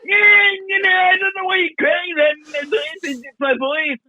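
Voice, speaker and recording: A man voicing a squeaky oddball with a shifting accent, whining and shouting his answers in an improvised comedy bit. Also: a little slow, no echo, dull audio, heavily acted. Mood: whiny. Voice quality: very high squeaky voice. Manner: whiny, shouting, rambling. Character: squeaky odd adult man from a news story, shifting accents.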